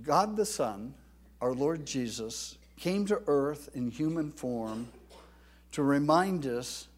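A man preaching a sermon, swelling to loud, emphatic declarations when he quotes scripture. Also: on the high side, expressive, slow pace. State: tired from little sleep. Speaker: pastor.

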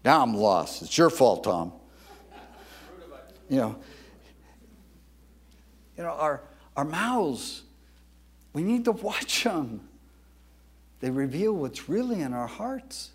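Animated male pastor preaching a sermon. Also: slightly rough. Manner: animated, booming when quoting scripture, halting with many fillers.

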